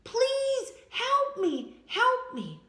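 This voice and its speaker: A woman voicing a frightened, injured young girl who cries out for help in a high, desperate voice. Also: expressive, a little slow, reverberant.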